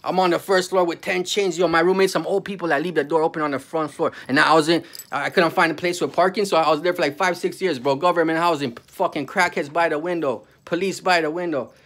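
A man's voice: on the high side, fairly even intonation, quick pace, hardly any pauses, fairly bright tone. A man, ranting angrily and with a lot of profanity in a vlog, often tacking 'bro' onto his sentences. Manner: heated, profane, repeats 'bro'. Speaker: vlogger. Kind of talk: angry profane rant to camera.

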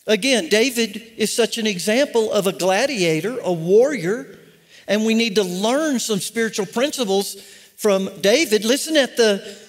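An older man preaching in an unusually high, lively voice that climbs and drops with his emphasis. He takes his time, landing each point slowly and with passion, breaking into humorous asides. A long reverb from the large hall trails behind him. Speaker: pastor. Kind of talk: sermon.

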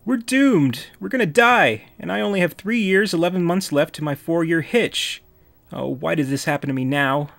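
Brief: shrill panicky marine in a comic read-aloud, done by a man; pitched way up. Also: normal speed, gravelly, a bit bright, no room sound, soft background music. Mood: panicked. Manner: shrill, whiny wailing. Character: panicking cowardly male space marine.

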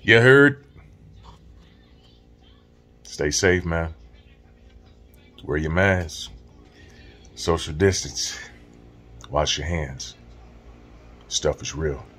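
A man's voice: very deep voice, fairly even intonation, drawn-out words, pauses often, a bit bright, slightly rough. A man talking casually and directly to his viewers as a vlogger. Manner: streetwise, direct, addresses viewers as y'all. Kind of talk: casual talk to camera.

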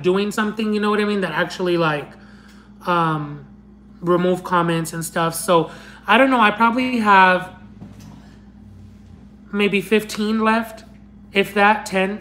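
A young Spanish-speaking woman hosts a casual livestream in a medium-pitched, slightly bright voice, with slight background noise and poor audio. She reads fan messages in a loving, rambling way, calling viewers honey and my love, often restarting and laughing.

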